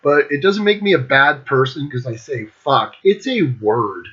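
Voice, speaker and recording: A man's voice: medium pitch, animated, moderate pace, pushed and bright. A man hosting his own music show, ranking albums in a casual monologue, blunt and enthusiastic, swearing constantly. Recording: dull lo-fi recording.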